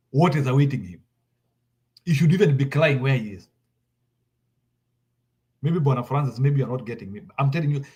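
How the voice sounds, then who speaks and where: A man with a Kenyan accent making heated political commentary, slipping into Swahili and hammering his points home through repetition. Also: medium pitch. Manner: insistent, repeats points, switches into Swahili.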